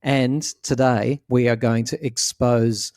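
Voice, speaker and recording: A playful man hosts a casual podcast chat, breaking into squealing mock voices now and then. His voice sits at an ordinary middle pitch. The recording is dry and close, with no room sound. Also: steady tone, takes it slowly, darkish tone, no room sound. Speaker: podcast host.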